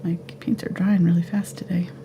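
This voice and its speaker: A woman giving a live painting tutorial at home, relaxed and thinking aloud as she paints. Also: on the low side, fairly quick, dull audio, a little hiss or hum. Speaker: painting instructor.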